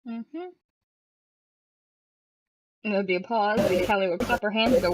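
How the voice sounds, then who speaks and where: A woman's voice: mid-range voice, fairly even intonation, a little slow, pauses often, very noisy. A woman playing a tabletop role-playing game, laughing a lot and describing and quoting her character. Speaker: player. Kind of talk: tabletop role-play chat.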